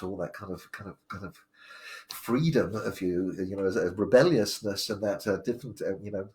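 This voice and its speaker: A man's voice: fairly low pitch, moderate pace, a little mellow. A man, telling his life story live, rambling with many fillers and restarts. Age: 60s. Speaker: storyteller sharing his memoir.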